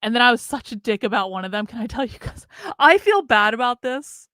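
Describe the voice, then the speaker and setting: A woman's voice: fairly high pitch, animated, a little fast, a bit bright, no echo, clean studio sound. A woman streaming a casual, candid monologue, swearing freely and laughing often, with an American accent. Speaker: streamer and commentator.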